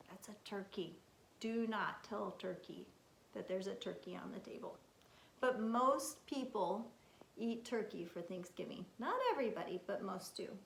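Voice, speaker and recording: A woman's voice: medium pitch, gravelly, slight background noise. A woman teaching young children from picture cards, coaxing them with questions. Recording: echoey room.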